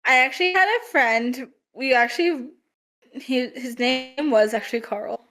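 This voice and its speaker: A woman's voice: high voice, unhurried, a bit bright. A woman joining the stream as a co-reader, chatting playfully and giggling a lot.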